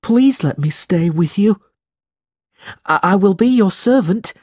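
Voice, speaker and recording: A man's voice: expressive, measured pace, no room sound, clean studio sound. A man voicing a frightened young boy who pleads to be allowed to stay, in a storybook reading. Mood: pleading. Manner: pleading, high and loud.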